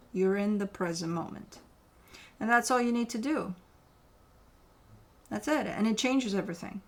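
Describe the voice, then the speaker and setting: Speaking directly to her viewer in a mid-range, slightly bright voice, a tarot reader delivers a relaxed, frank reading. She curses openly and pushes back on objections she imagines to drive her points home.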